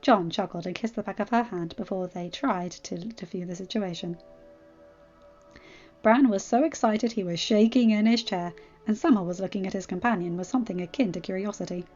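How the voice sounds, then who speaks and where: A woman calmly reading fan fiction aloud as narrator. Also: medium pitch, fairly quick, highs cut off, faint music behind. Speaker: audiobook reader.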